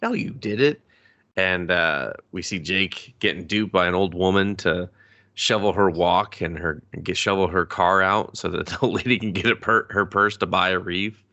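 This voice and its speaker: Guy on a movie podcast, kinda low voice, bright and punchy, acts out the lines. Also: moderate pace, lo-fi sound. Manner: animated retelling with voiced quotes, swearing, laughing. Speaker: podcast co-host. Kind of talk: casual movie review chat.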